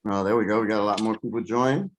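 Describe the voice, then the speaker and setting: A man's voice: lowish voice, quick pace. A man hosting a webinar, greeting viewers in easygoing casual chat over a video call. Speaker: webinar host.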